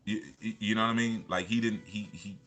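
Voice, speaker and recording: A deep-voiced man in a casual motivational talk, rambling through personal stories with frequent restarts. His tone is forceful and bright, pushing each point. Soft guitar music sits faintly underneath. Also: steady tone, fairly quick. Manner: rambling, with many repeated fillers and restarts. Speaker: motivational speaker.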